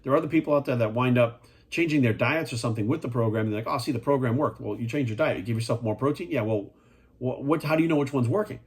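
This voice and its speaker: A man's voice: medium pitch, fast, slightly rough. A man talking as a fitness coach in a casual monologue, blunt and profane, firing rhetorical questions at the viewer.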